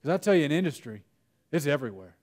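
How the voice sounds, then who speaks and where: A man presenting at a conference workshop in a slightly higher voice than most men. He talks casually and tells stories, often restarting his sentences. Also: very animated, fast, darkish tone. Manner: conversational, storytelling with self-interruptions and laughs. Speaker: workshop speaker. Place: conference room.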